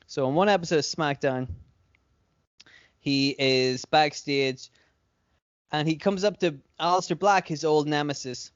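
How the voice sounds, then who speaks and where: A man's voice: mid-range voice, no room sound. Rambling man telling a story on a podcast. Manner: rambling, filler-heavy, profane retelling. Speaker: podcast co-host. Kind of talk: casual fantasy-booking storytelling. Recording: dry, slightly dull lo-fi sound.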